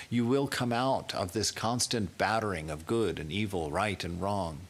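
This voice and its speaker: A swami giving an emphatic sermon, building through rhetorical questions. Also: male voice, on the low side, moderate pace.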